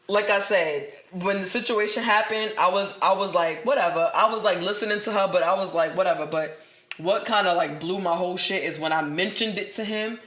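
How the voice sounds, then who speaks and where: A young woman, co-hosting a podcast, telling stories in an animated, profane way and laughing through them. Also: fairly low pitch. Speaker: podcast co-host. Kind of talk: casual storytelling chat. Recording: echoey room.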